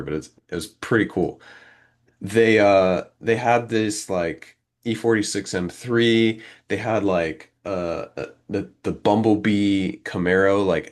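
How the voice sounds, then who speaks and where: A young man in his twenties on a casual podcast, telling a long story and acting out the back-and-forth in it. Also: sits low. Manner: animated, acts out quoted exchanges. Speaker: podcast co-host.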